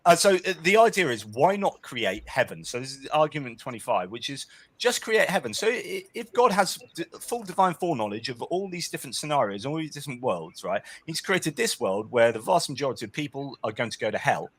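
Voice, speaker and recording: A man argues his case as a guest in a relaxed conversation. His delivery is animated, with a pitch that rises and falls freely, and he keeps checking in with "right?". He speaks at a middling pitch for a man. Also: brisk. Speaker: guest author. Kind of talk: casual discussion.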